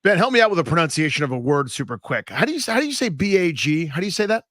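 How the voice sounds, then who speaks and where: A man's voice: fairly high pitch, big pitch swings, very fast, fairly bright tone, no room sound, clean studio sound. A man co-hosting a sports radio show in a playful, teasing way. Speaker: radio co-host.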